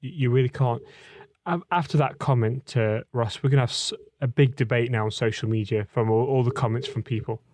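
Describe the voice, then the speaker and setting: A man's voice: medium pitch, fairly quick, a little mellow, no room sound. Easygoing young man, dry close sound. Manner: easygoing, hesitant with stammered restarts. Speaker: podcast co-host. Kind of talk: casual chat.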